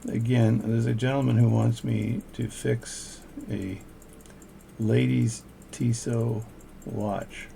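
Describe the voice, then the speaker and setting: A man's voice: medium pitch, level tone, takes it slowly, vocal fry, dark tone, slight background noise. An older man, a watchmaker, casually talking through his repair work at home and chatting between steps. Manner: casual, chatty, thinks aloud between tasks. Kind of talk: narrating repair work as he goes. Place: home workshop.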